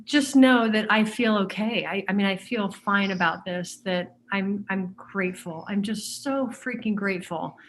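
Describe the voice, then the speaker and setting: A woman's voice: medium pitch, unhurried, hardly any pauses, a little hiss or hum. Hesitant woman searching for words. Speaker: interview guest. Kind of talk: casual conversation.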